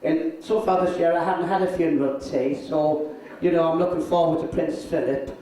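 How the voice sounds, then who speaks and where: An older man, a drag performer telling crude, deadpan anecdotes on stage. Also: on the high side, moderate pace. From North East England. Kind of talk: bawdy stand-up storytelling. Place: live show venue. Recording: echoey room, from far off.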